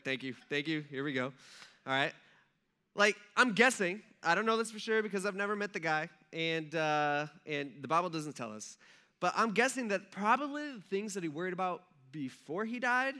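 Man, pastor, casual sermon, high voice, bright tone, chatty, asks the audience. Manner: conversational, asks the audience questions, acts out stories.

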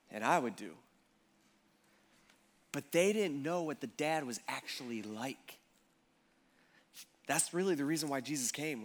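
A high-voiced man delivering a sermon in a casual, animated storytelling manner. He slips in and out of playful crowd voices as he retells the parable. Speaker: pastor.

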